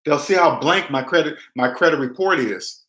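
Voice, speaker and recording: A man with a bright, ringing voice pitched a little high, talking money to his viewers in a loose livestream style. He is emphatic and preachy and slips into acted-out quotes of other people. The room around him echoes noticeably. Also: animated, normal speed. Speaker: personal finance vlogger. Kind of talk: casual livestream talk to viewers.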